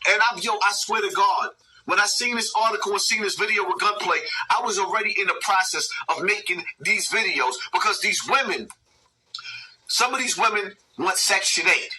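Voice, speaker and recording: High, sharp-voiced man ranting. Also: normal speed, recorded from a distance, rough recording. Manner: repetitive, preachy, addresses viewers directly. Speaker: commentary channel host. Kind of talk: ranting video commentary.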